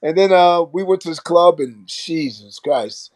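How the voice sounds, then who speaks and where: A man's voice: a little high, a little slow, dry recording. Older man telling a story. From Brooklyn, New York. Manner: animated anecdote-telling with laughs and acted quotes. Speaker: podcast guest. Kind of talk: storytelling in casual chat.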